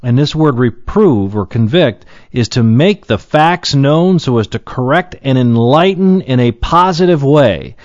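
A man giving an earnest Bible teaching, slowing down to read Scripture aloud and then explaining each verse. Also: medium pitch, expressive, a little mellow, dry recording, lo-fi sound. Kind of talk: sermon-style Bible teaching.

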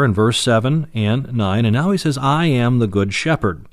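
Male Bible teacher, mid pitch, talks through a passage with plenty of uhs, dead-dry recording. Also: lively intonation, dry recording. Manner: unhurried, many fillers and restarts, stresses key words.

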